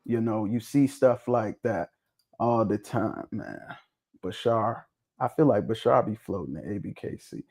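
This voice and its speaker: A man hosting a casual talk show discussion, talking bluntly and swearing freely, with an animated, preaching tone. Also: lowish voice, a little slow, slightly rough. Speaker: podcast host.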